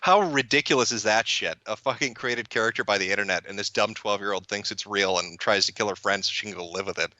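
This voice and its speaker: A man talking in a casual chat, blunt, sarcastic and profane, breaking into laughs as he goes. His lowish voice has a forceful, bright edge. The sound is dry and close, with no room around it. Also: fast, hardly any pauses, no room sound. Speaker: podcast guest and commentator.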